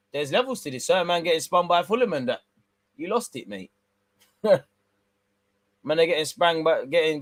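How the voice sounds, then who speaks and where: A young man hosting a live football watch-along, slangy banter between bursts of excited play-by-play. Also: medium pitch, no echo.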